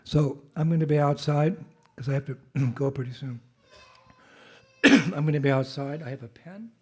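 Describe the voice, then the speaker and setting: A monk with a cold giving a humorous, conversational temple talk as guest speaker. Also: male voice, on the high side, moderate pace, a little mellow, husky. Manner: humorous storyteller, loose and conversational. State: has a cold. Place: temple hall.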